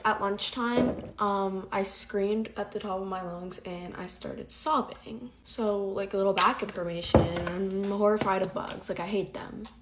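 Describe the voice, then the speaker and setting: A young woman telling school stories in a chatty, animated get-ready-with-me storytime, lisping slightly from whitening strips. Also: medium pitch, heavy background noise. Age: young adult.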